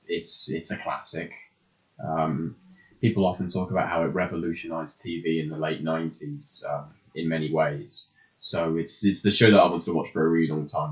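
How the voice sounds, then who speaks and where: A man co-hosting a podcast in casual chat, rambling and hesitant with frequent ums. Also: low voice. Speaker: podcast co-host. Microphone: podcast microphone. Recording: roomy, slightly dull lo-fi sound.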